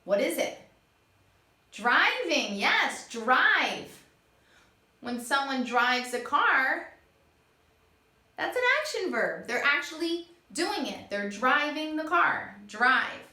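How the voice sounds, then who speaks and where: A woman teaching young children, acting out each word she explains in a slow, animated way. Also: sits high. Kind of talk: children's lesson. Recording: echoey room.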